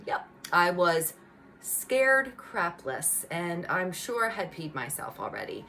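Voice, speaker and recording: A middle-aged woman telling a personal faith testimony in a lively, chatty storytelling way. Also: lowish voice, takes it slowly, slight background noise. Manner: animated, conversational storytelling with lots of "like" and "you know". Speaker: speaker giving a personal testimony.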